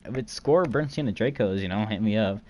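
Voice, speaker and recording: A man's voice: on the low side, lively intonation, fairly quick, a little mellow, poor audio. A man streaming live, casually chatting and joking as he reads chat aloud. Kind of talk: casual livestream chat while trading.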